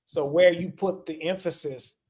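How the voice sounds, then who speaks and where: A man with a slightly raised voice, co-hosting a casual livestream panel about music. He is an animated storyteller who laughs his way through his tales. He talks over a remote call mic. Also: a little high, normal speed, a little hiss or hum. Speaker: music teacher and co-host.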